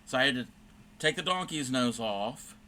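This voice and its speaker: Hosting a crafting livestream, a man stitches while telling a rambling story in casual chat, full of fillers and self-corrections. His medium-pitched voice is expressive and pushed and bright, at a normal speed. A little hiss or hum sits in the background.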